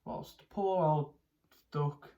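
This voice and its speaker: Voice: mid-range voice, phone-quality sound. Teacher reading a storybook aloud. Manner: pauses to ask young listeners questions; reads with expressive character voices and animal noises. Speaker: primary school teacher. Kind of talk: reading a picture book aloud to children.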